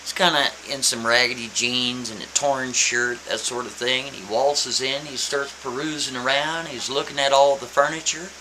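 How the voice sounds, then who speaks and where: Animated male storyteller, bright voice. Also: medium pitch, normal speed, hardly any pauses, low-quality recording. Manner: animated, emphatic, repeats points. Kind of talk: casual spoken storytelling. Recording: faint hiss.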